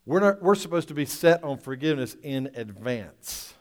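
A male pastor preaching a sermon, swinging from loud, drawn-out lines to quiet asides and asking the congregation rhetorical questions. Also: a little high, expressive, big-room sound.

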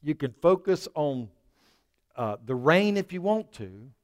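A middle-aged male pastor preaching a sermon, calling out to his congregation and swinging between loud emphasis and quiet asides. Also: fairly high pitch, big pitch swings, unhurried, in a large hall.

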